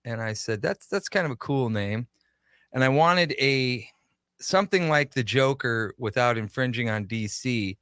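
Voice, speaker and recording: A man guesting on a radio talk show, telling stories about his shop with lively quoted dialogue, in a studio. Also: medium pitch, measured pace, clear, resonant tone, no echo. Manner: animated anecdotes with quoted dialogue. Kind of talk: casual radio interview storytelling.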